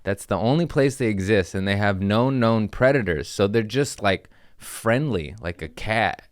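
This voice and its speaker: A man's voice: on the low side, animated, moderate pace, no echo, studio quality. A man, a comedian, telling rambling self-mocking stories into a podcast mic, slangy and acting out quotes. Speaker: comedian host. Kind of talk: casual storytelling.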